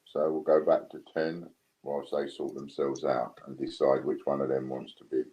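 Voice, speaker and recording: A British man hosting a casual live stream, relaxed as he counts down bids. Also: very deep voice, normal speed, lo-fi sound. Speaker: live stream host running coin auctions.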